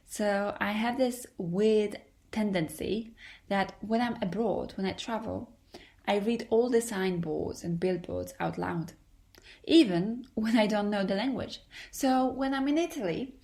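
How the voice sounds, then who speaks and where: Chatty Polish woman podcaster. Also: medium pitch. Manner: chatty, self-deprecating, laughs easily. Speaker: podcast host. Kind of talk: casual monologue to listeners.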